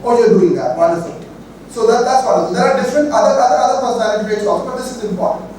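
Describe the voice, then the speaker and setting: A man's voice: extremely high pitch, racing, darkish tone, a little hiss or hum. A man with a Bengali Indian English accent gives a workshop lecture, stressing key points with many fillers and repeated phrases. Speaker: workshop instructor. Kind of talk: classroom lecture. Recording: echoey hall, mic far off.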